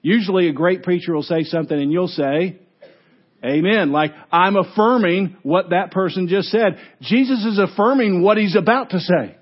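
A pastor delivers a sermon at a moderate pace in a husky male voice, bringing the story to life with animated quoted voices and sinking low and quiet to emphasize key words. The recording sounds muffled.

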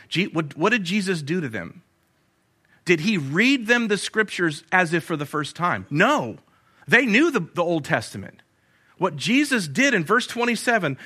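A male pastor preaching a sermon in a church, animated, with rhetorical questions and read-out quotes. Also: mid-range voice. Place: church sanctuary.

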